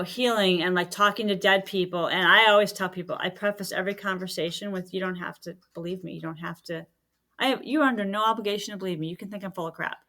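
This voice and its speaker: A woman's voice: medium pitch, a bit bright. A middle-aged woman talking as a podcast guest, a medium and healer who chats casually and acts out quoted dialogue as she tells stories.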